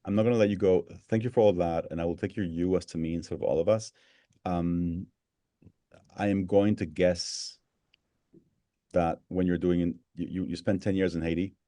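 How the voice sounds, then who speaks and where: A man hosts a live online gathering over a video call, his voice low and warm in tone. He rambles, circles back and restarts his sentences. The sound is dry and close, with no room around it. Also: steady tone, moderate pace, long pauses, dry recording. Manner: rambling, warm-hearted, many restarts and fillers. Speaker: host of an online town hall.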